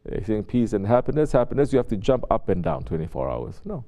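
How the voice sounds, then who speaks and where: A man preaching to his congregation in a relaxed, conversational way. His voice sits fairly low with a dark, mellow tone. He keeps asking his listeners pointed rhetorical questions. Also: fast talker. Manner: conversational, asks rhetorical questions and acts out quotes. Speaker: Sufi sheikh. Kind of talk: spiritual sermon to a congregation.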